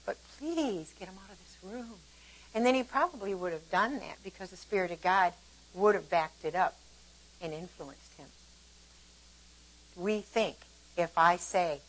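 An older woman giving a casual devotional Bible teaching, conversational and animated as she explains verses and tells stories from her own life. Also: medium pitch, a little slow, long pauses, rough recording. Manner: conversational and animated, shifting between warm explanation and lively retelling.

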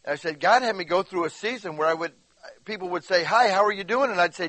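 A man's voice: high-pitched, brisk, dry recording, low-quality recording. A man preaching a sermon, telling stories in a conversational way and acting out the quotes, often asking the listeners questions. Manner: animated storytelling, acts out quotes; conversational, addresses listeners directly. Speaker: pastor.

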